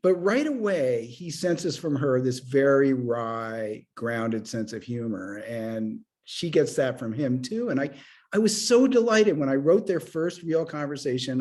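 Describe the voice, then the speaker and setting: A middle-aged man, an author, chatting about his writing and telling stories with lively acted-out dialogue. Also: mid-range voice, a little slow. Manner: animated storyteller who acts out dialogue. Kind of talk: conversational author interview.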